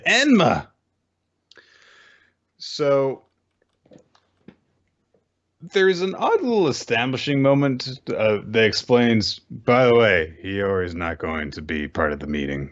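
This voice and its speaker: A man's voice: very deep voice, lo-fi sound. A man co-hosting a podcast, bluntly critiquing comic chapters in casual chat. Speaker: podcast co-host.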